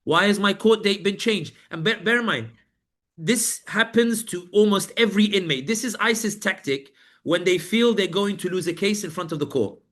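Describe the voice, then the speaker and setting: High-voiced man telling a vivid story. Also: moderate pace, a bit bright. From Britain. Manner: vivid storytelling, acts out guards and inmates in quotes. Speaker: journalist guest. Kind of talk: live panel testimony.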